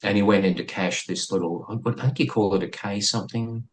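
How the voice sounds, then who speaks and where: A middle-aged man with an Australian accent speaks in a fairly low register. He tells his story as an interview guest in a blunt, profane and lively way. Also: brisk, a little hiss or hum, rough recording. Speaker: guest, former police officer.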